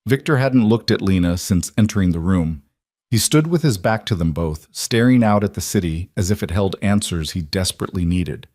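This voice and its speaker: Low-voiced male story narrator. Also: dry recording, studio quality. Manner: even, measured storytelling. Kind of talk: scripted audiobook narration.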